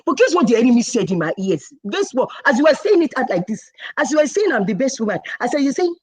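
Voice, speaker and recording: A middle-aged woman, a wife and mother, telling animated stories and acting out dialogue. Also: high-pitched, fast, breathy edge, no echo. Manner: acts out dialogue, quoting herself and her husband. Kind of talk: animated personal storytelling.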